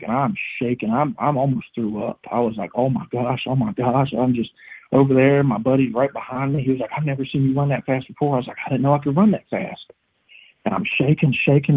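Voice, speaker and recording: A young man excitedly telling a hunting story as a guest, acting out every line he quotes. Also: mid-range voice, breathy edge, phone-quality sound. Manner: excited, animated retelling with acted-out quotes. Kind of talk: casual storytelling.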